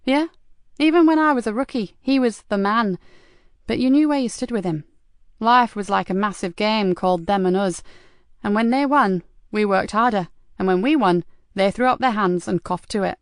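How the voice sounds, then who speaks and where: A hard-edged female detective inspector, blunt and forceful, read by a woman narrating an audiobook. She sounds direct and no-nonsense, pitched a little above the narration. There is a gravelly texture in the voice. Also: normal speed, dry recording, clean studio sound, close to an everyday voice. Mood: brisk.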